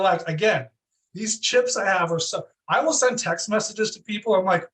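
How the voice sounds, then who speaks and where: A man with a high, bright speaking voice tells stories in an interview. He is animated and keeps slipping into exaggerated voices to act out quotes. He sits a bit back from the microphone. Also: normal speed, far from the mic, poor audio. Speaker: real estate team leader, guest. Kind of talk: energetic storytelling interview.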